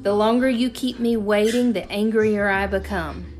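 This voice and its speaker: A woman's voice: mid-range voice, moderate pace, a little mellow, faint music behind, lightly acted. A woman voicing a stern lawyerly father. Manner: formal, clipped, severe. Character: stern strict father, middle-aged man, lawyerly.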